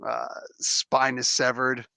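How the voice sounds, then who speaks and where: A man's voice: mid-range voice, monotone, takes it slowly, creaky, pushed and bright, dry recording. A man running a tabletop role-playing game as game master, joking and laughing often.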